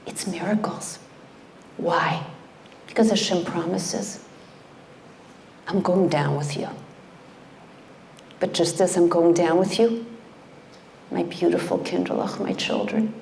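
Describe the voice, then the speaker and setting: A middle-aged woman delivers a heartfelt sermon, unhurried and deliberate. Her low voice carries a gravelly edge, and she often sinks into a near whisper to drive a point home. A faint hiss sits under the recording. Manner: impassioned, dropping to hushed whispers for emphasis. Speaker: speaker at a community event.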